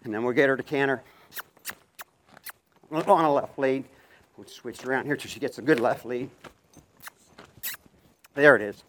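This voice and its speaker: A middle-aged man preaching a sermon while working a horse, calling out commands and then speaking softly and reflectively. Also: mid-range voice, moderate pace, pauses often, slight background noise. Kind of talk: outdoor sermon with horse demonstration.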